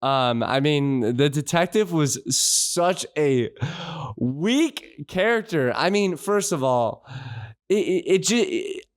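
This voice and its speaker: A man's voice: a little high, expressive, slow, dry recording, studio quality. A man co-hosting a podcast, rambling frustrated through a casual film review with many restarts. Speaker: podcast co-host.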